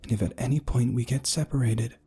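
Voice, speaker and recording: A man voicing a desperate, protective mother who speaks in an urgent, hushed, pleading way with a husky tone. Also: mid-range voice, fairly quick, pitched above the performer's own voice.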